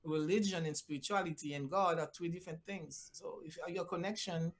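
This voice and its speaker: An older woman from Haiti, a physician guest telling a personal story with lively voiced-out quotes and big swings in pitch. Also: brisk. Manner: animated, acts out voices with big pitch jumps.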